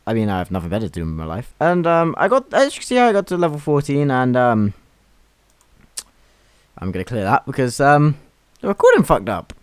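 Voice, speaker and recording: A man's voice: medium pitch, sing-song, a little fast, clear, resonant tone, no room sound. A young man giving crude, swear-filled gameplay commentary as a YouTube gamer, mocking the game as he plays. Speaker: gaming YouTuber.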